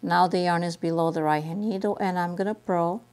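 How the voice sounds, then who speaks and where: A woman's voice: on the low side, fairly even intonation, darkish tone. A woman teaching a knitting stitch step by step, patiently repeating each move as she demonstrates. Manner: patient, repeats steps slowly while demonstrating. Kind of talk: step-by-step craft tutorial.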